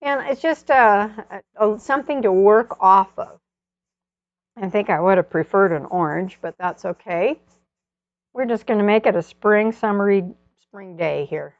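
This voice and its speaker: A woman's voice: mid-range voice, expressive, normal speed, no echo, dull audio. A woman demonstrating an oil painting step by step, chatting and thinking aloud as she works. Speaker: painting instructor.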